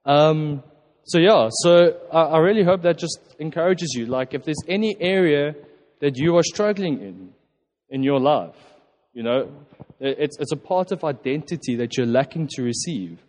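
A man's voice: a little high, expressive, a little mellow. Earnest man preaching in a reverberant hall. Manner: earnest, halting with repeated restarts. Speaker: preacher at a church service. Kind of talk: informal sermon and prayer. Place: church hall.

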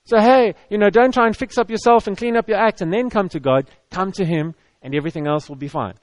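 A man's voice: high voice, fast talker, dry recording. A man preaching a sermon to an audience, talking in a conversational, repetitive way with stammered restarts. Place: church hall with audience.

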